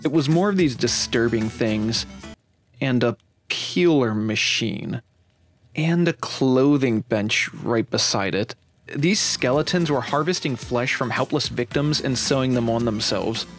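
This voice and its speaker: A man's voice: medium pitch, measured pace. Upbeat male storyteller over faint music. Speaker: channel host and narrator. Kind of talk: storytelling narration of a game playthrough.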